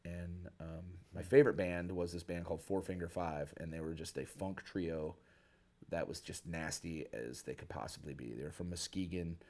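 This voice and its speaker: A man from Michigan, a guest musician, telling a story casually in an interview, animated and loose with slang. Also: low-pitched, normal speed. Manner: animated, acts out quoted people with a raised voice, casual slang. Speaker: guest musician, bass player.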